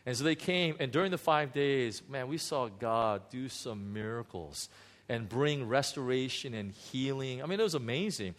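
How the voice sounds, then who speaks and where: A man's voice: medium pitch, normal speed. A man who is a pastor, telling a candid, self-mocking story from his own marriage in a sermon, with many restarts and fillers. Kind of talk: sermon testimony.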